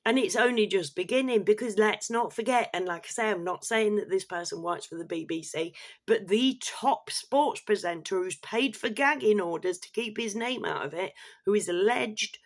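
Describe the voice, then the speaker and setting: Woman vlogger, angry sweary rant, blunt and loud, laughs now and then. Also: mid-range voice, moderate pace. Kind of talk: ranting commentary vlog.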